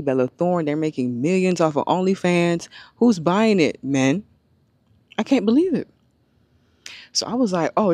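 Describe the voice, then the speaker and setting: A woman in casual chat, talking in a chatty, animated way and laughing often. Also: sits low, no room sound. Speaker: guest.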